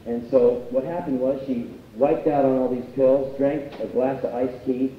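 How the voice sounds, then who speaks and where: A man's voice: medium pitch, fairly even intonation, moderate pace, a little hiss or hum. A man performing live spoken word, telling a story in a blunt, profane, conversational way. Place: university union hall, live stage. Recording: distant echoey hall, dull live tape.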